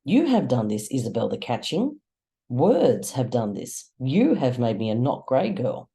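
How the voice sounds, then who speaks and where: A reader voicing a strange grey girl who speaks in blunt, broken, childlike phrases, pitched above the reader's own voice. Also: wildly swooping pitch, measured pace, mellow. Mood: stilted.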